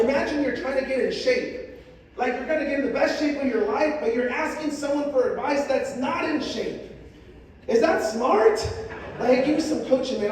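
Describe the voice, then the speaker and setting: A middle-aged motivational speaker with a very high, darkish voice delivers an emphatic speech on stage to a large audience, having the crowd repeat lines after him. The distant mic picks up an echoey hall and crowd noise.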